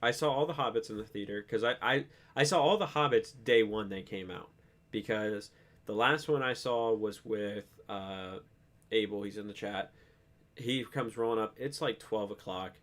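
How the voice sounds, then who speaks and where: A man's voice: on the low side, normal speed, fairly bright tone. A man co-hosting a podcast in laid-back casual chat, swearing a lot and using many fillers. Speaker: podcast co-host.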